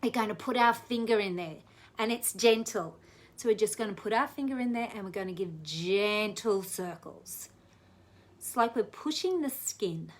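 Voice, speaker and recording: A woman teaching a guided self-massage for relaxation, talking gently and slowly in a soothing way. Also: medium pitch, lively intonation. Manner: gentle, soothing, slow guidance with soft laughs. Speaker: wellness educator.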